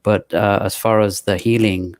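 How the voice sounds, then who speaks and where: A man from Pakistan with a British accent, answering interview questions in a halting way with many pauses and restarts. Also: fairly low pitch, fairly even intonation, a little mellow, no room sound, clean studio sound. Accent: British English. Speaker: podcast guest. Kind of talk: casual interview talk.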